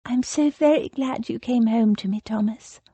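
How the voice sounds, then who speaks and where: A woman's voice: on the high side, moderate pace, dark tone, breathy edge, no echo, pitched above the performer's own voice. A woman reading an audiobook voices a spirited young noblewoman with an eager, pressing manner.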